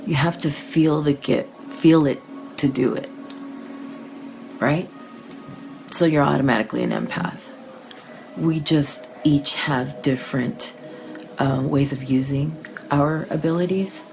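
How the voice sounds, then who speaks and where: A woman hosting a live psychic reading session, talking casually and emotionally to her viewers, tearful, with soft laughs and restarts. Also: deep voice, slow, vocal fry, long pauses, soft background music.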